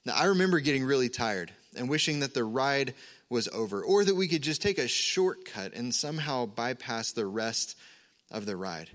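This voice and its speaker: A man preaching a sermon as pastor, earnest and measured, with an occasional filler. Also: mid-range voice, expressive, a bit bright.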